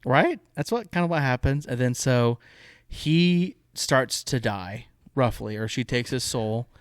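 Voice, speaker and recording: A man's voice: medium pitch, unhurried, no room sound, clean studio sound. Man animatedly retelling a plot. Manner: animated retelling with quoted asides. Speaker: podcast co-host. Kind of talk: casual chat.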